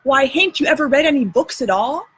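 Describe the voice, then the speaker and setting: A woman's voice: high-pitched, expressive, a little fast, fairly bright tone, rough recording. A woman reading aloud and voicing a bossy, show-off boy adventurer in a drawling folksy dialect. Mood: lecturing.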